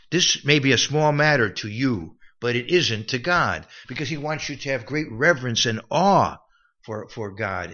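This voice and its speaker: Bright-voiced man giving a Bible teaching. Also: mid-range voice, muffled recording. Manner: conversational, many restarts and asides. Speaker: preacher.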